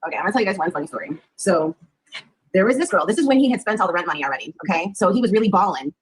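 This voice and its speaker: A woman with a husky voice racing through a candid personal story. She talks very fast. She rambles dramatically and swears freely along the way. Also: mid-range voice, lively intonation, rough recording. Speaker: podcast guest telling her story.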